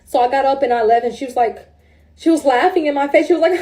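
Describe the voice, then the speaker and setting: A woman's voice: high voice, quick pace, mellow. A woman casually telling a story about a salon visit, emotional and informal, calling listeners "bro". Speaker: salon client. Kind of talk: storytime recounting.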